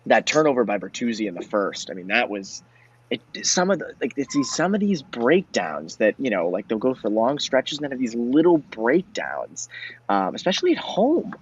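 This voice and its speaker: Male co-host, casual rambler, raspy voice, muffled lo-fi sound. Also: mid-range voice, wildly swooping pitch, normal speed. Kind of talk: postgame hockey discussion. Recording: dull lo-fi audio.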